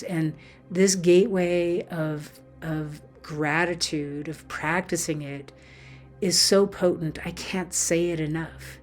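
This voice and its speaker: Earnest woman spiritual teacher, lower voice. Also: darkish tone. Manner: earnest and emotional, with many fillers. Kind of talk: heartfelt personal storytelling talk.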